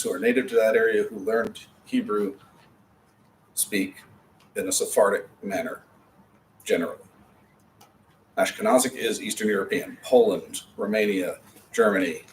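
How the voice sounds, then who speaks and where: Man, class teacher, patient and chatty, lowish voice, distant mic with faint hiss. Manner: patient, explanatory, chatty asides. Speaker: Hebrew teacher. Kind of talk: classroom lecture.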